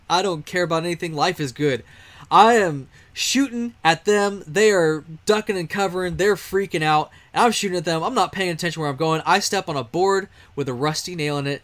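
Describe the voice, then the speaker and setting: A man from Texas, USA streams a game while telling a rambling, casual story peppered with fillers and chuckles. His voice is a little high with a fairly bright tone.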